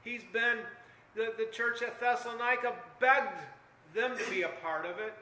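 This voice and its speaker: An older man preaching a sermon earnestly, dropping low and quiet, then rising loud and urgent. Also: steady tone, moderate pace, roomy sound, slight background noise, low-quality recording.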